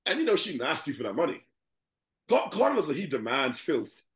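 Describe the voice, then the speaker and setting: A man co-hosting a casual chat about a TV show, swearing freely, laughing, and jumping into high-pitched acted quotes. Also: sing-song, brisk, fairly bright tone, reverberant. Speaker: podcast co-host.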